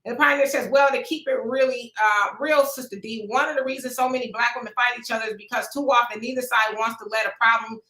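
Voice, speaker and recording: A woman with a bright, high-set voice hosts a relaxed live chat. She reads comments aloud in a folksy manner and laughs easily. Her voice rings in an echoey room. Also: fast talker, hardly any pauses. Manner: laid-back, folksy, laughs often. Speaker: host reading viewer comments. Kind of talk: casual live-stream chat.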